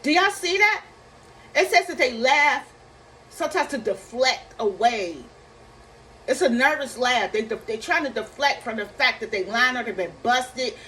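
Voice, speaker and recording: A woman giving casual reaction commentary, animated, acting out quotes and repeating herself. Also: high-pitched, measured pace, a little hiss or hum, poor audio. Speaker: commentary vlogger.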